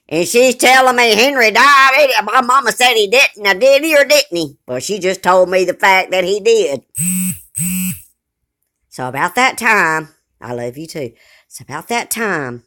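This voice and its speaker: A woman's voice: mid-range voice, normal speed, pushed and bright. An older woman, telling a personal story in a chatty, folksy way with dramatic asides.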